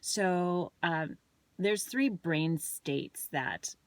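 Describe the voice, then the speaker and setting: A woman's voice: fairly low pitch, drawn-out words, no room sound. A woman, a parent and wellness coach, chatting casually and telling a story, with some restarts and ums. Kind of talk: casual chat to camera.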